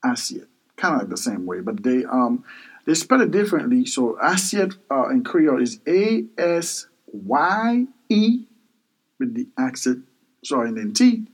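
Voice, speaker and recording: A man's voice: mid-range voice, sing-song, a little slow, breathy edge, poor audio. A man teaching kitchen vocabulary, patiently repeating each word several times and spelling words out for learners. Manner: self-correcting and spelling words out. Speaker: language teacher.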